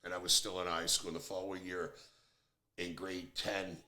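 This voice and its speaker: A man's voice: low voice, little pitch movement, normal speed, bright, forceful tone. A man in his fifties hosting a podcast, talking bluntly and airing strong opinions in a casual chat. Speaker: podcast host. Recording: roomy echo.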